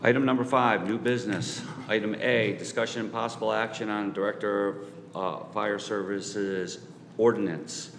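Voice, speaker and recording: A man with a Southern New England accent chairs a public meeting, moving through the agenda in a measured, procedural way. His voice is very low. The chamber adds echo and a long reverb, with faint noise underneath. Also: fairly even intonation, a bit bright. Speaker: committee chair.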